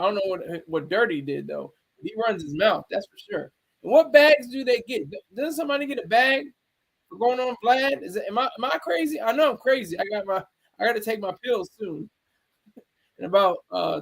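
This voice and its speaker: A man giving casual livestream commentary, rambling, restarting sentences and talking back to his chat. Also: high voice. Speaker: streamer.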